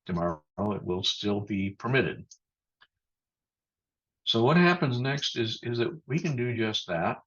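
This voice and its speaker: Over muffled audio that resembles a video call, a pastor delivers a sermon thoughtfully and measuredly, with pauses and restarts. His voice is husky, a little low and fairly bright, with lively intonation.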